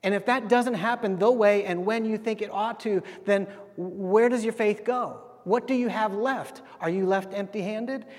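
A man's voice: sits high, normal speed, few pauses, in a large hall. A man preaching a sermon as pastor, conversational and full of rhetorical questions, acting out what people say.

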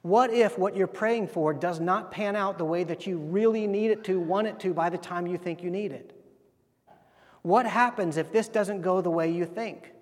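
A man's voice: high voice, normal speed, in a large hall. A man preaching a sermon as pastor, conversational and full of rhetorical questions, acting out what people say.

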